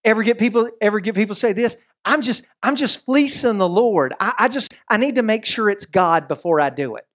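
A man preaching a sermon as pastor, conversational and animated, with quick asides and voiced quotes. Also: sits high.

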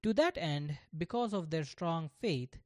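A storyteller reads a children's tale aloud in a slow, deliberate, scripted way. The voice sits at a middle pitch. The recording is dry and close, with no room sound. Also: expressive, a little mellow, dry recording.

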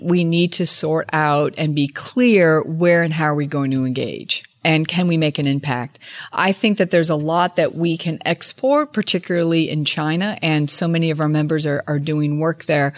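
A woman's voice: low voice, no echo. Thoughtful woman, dry close sound. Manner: thoughtful, measured, poses questions aloud. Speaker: incoming president of an urbanism nonprofit, interview guest. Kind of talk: conversational podcast interview. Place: conference venue.

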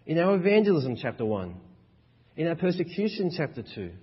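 A man's voice: fairly high pitch, very animated, brisk, breathy edge. A man preaching a sermon as a pastor, with emphatic, rhythmic repetition. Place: church hall. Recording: dull echoey church hall.

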